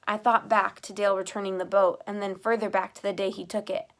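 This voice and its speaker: Woman narrating a lively audiobook. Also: mid-range voice, brisk. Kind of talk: scripted narration.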